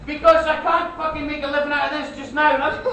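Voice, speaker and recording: Scottish male comic, high-pitched, brash and sweary, live-club recording with lots of echo and crowd noise. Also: level tone, quick pace, distant mic. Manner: loud, sweary, rambling, laughing. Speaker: stand-up comedian and compere. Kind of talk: stand-up comedy set. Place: comedy club stage, live audience. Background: audience laughter.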